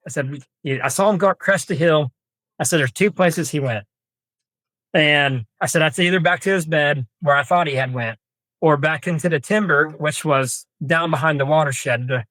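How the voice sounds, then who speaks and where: A young deer hunter from Kansas, a guest on a podcast, tells a long hunting story in a casual storytelling interview, folksy and rambling with many fillers and restarts. His voice is medium-pitched with a sharp tone, on a dry recording.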